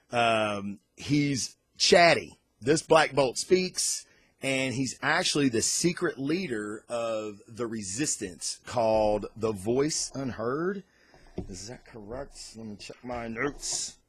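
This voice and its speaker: A man's voice: mid-range voice, slow pace, a bit bright, husky, no room sound. Man, comic book reviewer, enthusiastic, rambling, casual swearing, dry sound. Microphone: recorded on camera.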